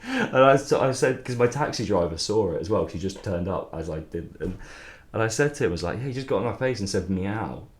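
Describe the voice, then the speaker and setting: Young songwriter, low voice, loose rambling stream talk with swearing, recorded in an echoey room. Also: male voice, expressive, quick pace. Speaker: songwriter streaming his writing process. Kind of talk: casual livestream chat.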